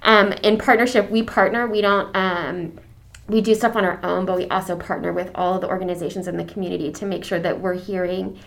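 A woman who leads a church's deacons, talking in a casual podcast conversation. She is effusive and warm-hearted about her subject, with many fillers and restarts. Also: on the low side, fairly even intonation, a little fast, creaky. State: getting emotional.

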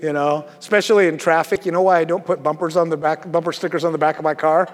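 A man's voice: on the high side, steady tone, fast, in a large hall. A man preaching a sermon to his congregation in a church, chatty and joking, with lots of fillers. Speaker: pastor. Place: church sanctuary.

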